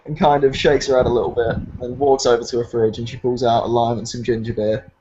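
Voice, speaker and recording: A man's voice: mid-range voice, flat delivery, fast, dark tone, highs cut off, a little hiss or hum. A man with a British accent narrating as game master, rambling with many fillers.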